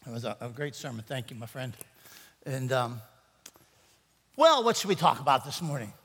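A man's voice: mid-range voice, big pitch swings, normal speed, fairly bright tone, husky. A man preaching a sermon as pastor, playful and rambling, joking with his congregation between points. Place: church sanctuary. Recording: church hall reverb.

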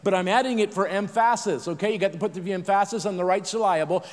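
High-voiced man preaching in a hall. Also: fast talker, few pauses. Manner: conversational, self-deprecating asides with many restarts. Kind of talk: sermon.

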